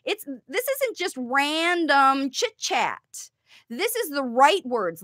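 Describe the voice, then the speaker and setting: A woman's voice: high voice, fairly bright tone, no echo, clean studio sound. A woman coaching parents on how to help their child learn to talk, teaching emphatically and answering viewer questions. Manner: emphatic, demonstrates sing-song parent talk. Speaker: parent coach, speech facilitation.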